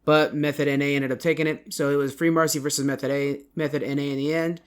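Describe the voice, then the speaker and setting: A man's voice: a little high, flat delivery, fast talker, clean tone. A man hosting a casual podcast, rambling through an esports recap and often correcting himself. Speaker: podcast host.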